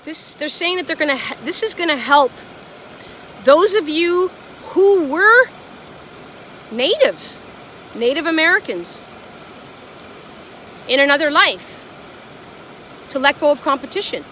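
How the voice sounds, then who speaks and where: A woman with a high, bright voice chats earnestly to her viewers in a spiritual vlog. She gushes, repeats affirmations over and over, and stumbles through restarts. Her tone stays sharp and lively. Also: slight background noise. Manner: halting, many restarts. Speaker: spiritual vlogger channeling light language. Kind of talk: casual spiritual talk to viewers.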